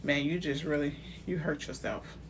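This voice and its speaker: A woman's voice: low-pitched, fairly even intonation, normal speed, a little hiss or hum. A woman realtor talking live to viewers about credit in a chatty, direct way, greeting them by name as she goes. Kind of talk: live-stream talk on building credit.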